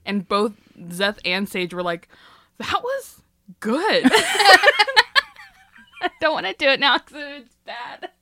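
Woman co-host, unhurried, bright tone, animated, jokey and giggly. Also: sits high, dry recording. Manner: giggly, jokey, breaks into impressions. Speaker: podcast co-host. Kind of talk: casual chat.

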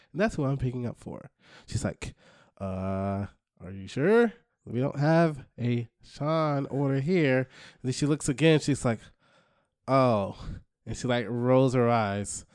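A man co-hosting a podcast, chatting casually and telling a story with lively acted-out quotes. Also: mid-range voice, clear, resonant tone, no echo, studio quality. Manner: animated storytelling, acting out quotes. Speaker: podcast co-host. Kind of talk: casual chat.

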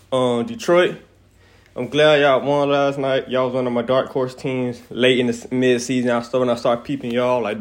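A young man hosting his own podcast, chatting casually in an animated, rambling way and swearing freely. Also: medium pitch. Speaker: podcast host. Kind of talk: casual solo podcast chat.

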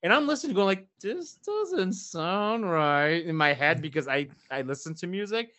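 A man co-hosting a podcast, telling a story in casual chat, profane and animated, acting out what people said. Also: sits high, moderate pace. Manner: profane, animated, acts out quotes. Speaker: podcast co-host.

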